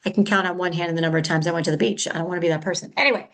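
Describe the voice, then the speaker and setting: This podcast host is a middle-aged woman whose voice sits on the low side, with fairly even intonation and a rapid-fire delivery, captured in poor audio. Speaking alone on her show, she's candid and chatty, slightly frenetic, and keeps correcting herself.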